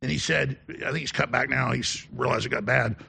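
A man's voice: mid-range voice, fairly even intonation, brisk, creaky, bright, forceful tone, a little hiss or hum. A man hosting a show, telling long rambling anecdotes in a casual on-air manner. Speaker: show host.

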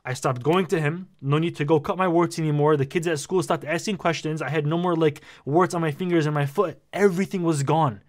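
Animated young man telling a story. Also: a little high, a little fast, few pauses. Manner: animated, slangy, says "bro" a lot. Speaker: vlogger. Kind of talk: casual storytelling.

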